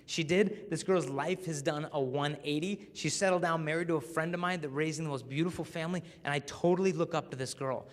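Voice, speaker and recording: A young man giving a humorous inspirational talk as a youth speaker, animated and acting out voices. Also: fairly high pitch, a little fast. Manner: animated, acts out voices for comic effect. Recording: echoey hall.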